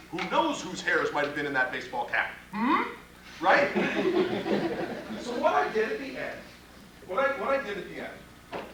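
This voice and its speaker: There's background noise as a high-voiced criminal defense trial instructor teaches trial lawyers in a live workshop. Blunt and profane, he fires off rhetorical questions to an audience in a training room, recorded from a distance with an echo.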